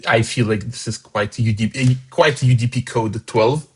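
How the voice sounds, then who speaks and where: Live vote commentary for a fan song contest comes from a man with a husky, mid-range voice at normal speed. He reads each voter's points in a casual, chatty manner with asides, upbeat about the scores. The recording quality is low.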